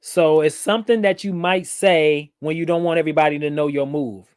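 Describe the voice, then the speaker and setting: A man's voice: on the high side, steady tone, a little fast, smooth, dry recording, clean studio sound. Playful man hosting a livestream. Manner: playful, reads viewer comments aloud, laughs often. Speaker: livestream host. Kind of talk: casual livestream chat.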